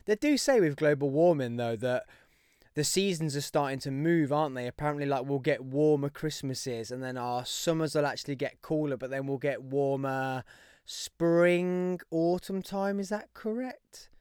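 A man's voice: medium pitch, moderate pace, darkish tone, smooth, no room sound, clean studio sound. A young man with a Birmingham accent hosting a podcast, talking in an upbeat, rambling way. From West Midlands, England. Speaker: podcast host. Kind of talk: casual podcast monologue.

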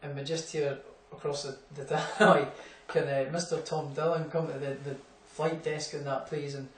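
A man's voice: on the high side, little pitch movement, moderate pace, recorded from a distance. A young Scottish man, a boxer, telling rambling anecdotes in a casual interview, full of fillers and laughs. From Scotland. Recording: echoey room, off-mic, faint hum.

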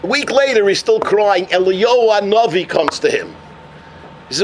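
A man telling stories in a sermon as a Torah teacher, animated, with Hebrew and Yiddish terms woven into his English. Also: sits high, moderate pace, noisy background. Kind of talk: sermon storytelling.

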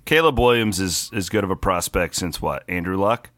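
A man's voice: low voice, normal speed, a bit bright, no echo, studio quality. A man co-hosting a sports podcast, chatting casually with wry asides.

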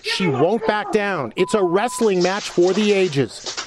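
High-voiced man narrating a news story. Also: expressive, takes it slowly, heavy background noise. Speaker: news correspondent.

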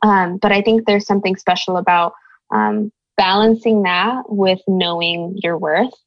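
A woman's voice: mid-range voice, steady tone, unhurried, no echo, muffled recording. A woman raised in the United States, speaking as an interview guest in an earnest, thoughtful way, searching for her words. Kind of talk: reflective conversation.

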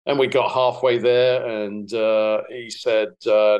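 A man's voice: lowish voice, slow pace, rough recording. Middle-aged English-accented man, podcast guest, easygoing anecdotal delivery, filler words. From England. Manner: relaxed storytelling with many fillers. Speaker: guest, golf broadcaster. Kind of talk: casual podcast chat.

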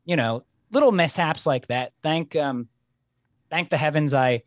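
A man chatting as a podcast guest, telling lively, rambling stories. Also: on the high side, a little slow, no echo, clean studio sound. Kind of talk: casual chat.

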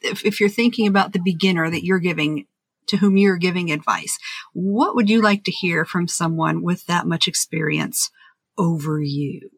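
A woman's voice: fairly low pitch, normal speed, breathy edge, no echo. Gushing, emotional woman from Roanoke. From Roanoke, Virginia. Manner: gushing, emotional, laughs often. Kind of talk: casual conversation.

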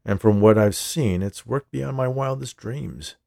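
A man voicing a smug, menacing male company boss who talks in a smooth, condescending way, in a storybook reading. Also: medium pitch, measured pace, warm tone, no echo, studio quality.

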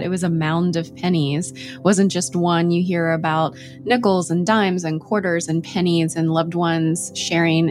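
A woman co-hosting a podcast, commenting on a listener's story in a reflective, conversational way. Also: on the low side. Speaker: podcast co-host.

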